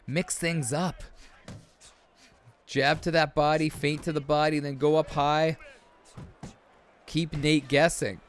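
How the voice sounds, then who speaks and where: A man hosting his sports channel, casually commentating a simulated fight live, calling him "man" and "brother" as he goes, with bursts of excitement at big moments. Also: medium pitch. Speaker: sports commentator and video host. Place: home setup, recording live.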